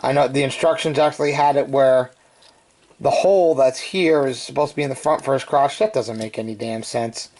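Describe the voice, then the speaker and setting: A man's voice: medium pitch, fairly quick, darkish tone. A man chatting casually through a toy review, with joking asides.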